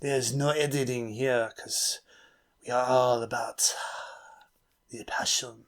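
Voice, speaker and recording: A man putting on a hushed mock French accent. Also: mid-range voice, fairly even intonation, takes it slowly. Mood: hammy.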